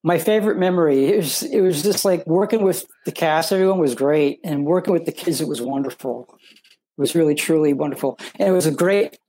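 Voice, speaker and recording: Husky-voiced man, eager and halting. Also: on the high side, dark tone. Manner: eager, halting, repeats words often. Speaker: actor on a convention panel. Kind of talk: casual panel talk.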